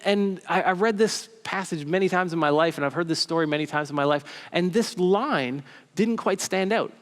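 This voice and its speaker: A man preaching a sermon as a pastor, talking in a casual, halting way with many restarts and fillers, recorded in a church. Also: a little high, in a large hall. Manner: conversational and halting, full of restarts and "like".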